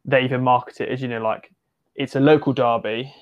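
A man's voice: medium pitch, fairly even intonation, fairly quick, muffled recording. Chatty man rambling about football. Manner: rambling, hesitant, many fillers and restarts. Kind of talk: casual football discussion.

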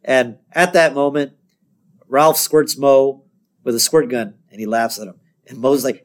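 A man's voice: medium pitch, steady tone, measured pace. A man co-hosting a podcast, casually recapping a cartoon episode, laughing often and bursting into character lines in a raised voice. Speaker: podcast co-host.

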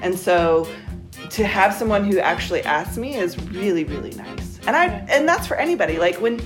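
A woman's voice: medium pitch, lively intonation, moderate pace, over music. A woman interviewed as a voter, speaking in a reflective, chatty way.

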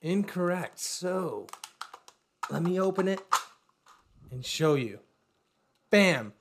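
A man's voice: high-pitched, expressive, takes it slowly, creaky, noisy background. A man co-hosting a casual podcast, upbeat and joking as he shows off a project. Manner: upbeat, joking, showing off a 3D print. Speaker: podcast co-host.

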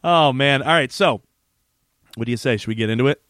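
A man co-hosting a podcast, casually recapping a TV episode in an animated way, laughing and acting out scenes. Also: medium pitch, a little fast, dry recording, clean studio sound. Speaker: podcast co-host.

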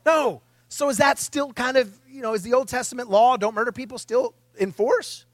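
Man, pastor, high voice, chatty sermon podcast, wry asides, dry close sound. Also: normal speed, dry recording.

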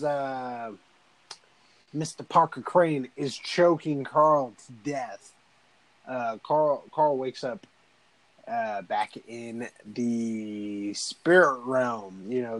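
Chill young guy rambling through a movie recap, slow talker, dry close sound. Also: mid-range voice, no room sound, low-quality recording. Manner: laid-back, rambling, swears often. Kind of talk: casual movie recap chat.

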